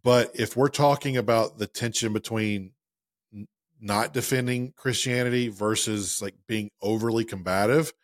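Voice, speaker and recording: Brief: thirties man, low-ish voice, easygoing podcast co-host, dry close sound. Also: moderate pace, dry recording. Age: 30s. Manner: relaxed, self-deprecating, conversational. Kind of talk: casual podcast chat.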